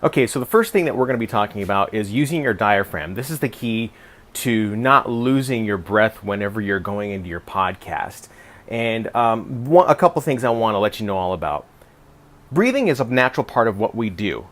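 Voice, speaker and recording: A man with a fairly low voice explains a podcasting technique in a loose, conversational way. He talks straight to camera like a radio and podcast pro sharing tips, and now and then restarts a sentence. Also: lively intonation, moderate pace, fairly bright tone. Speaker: podcast producer and radio broadcaster. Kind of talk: instructional talk to camera.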